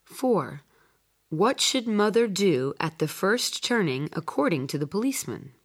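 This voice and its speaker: A woman narrating a listening-comprehension exam with slow, clearly spoken scripted reading. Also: medium pitch, very animated. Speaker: test narrator.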